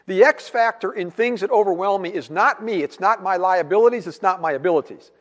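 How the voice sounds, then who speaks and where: A man's voice: high-pitched, brisk, fairly bright tone. A man preaching a conversational sermon as pastor, acting out quoted voices as he goes. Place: church sanctuary. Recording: long church hall reverb.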